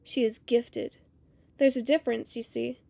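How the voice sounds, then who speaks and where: A woman voicing a wise, plainspoken old woman who talks quietly and knowingly, in a storybook reading. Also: on the high side, level tone, measured pace, creaky.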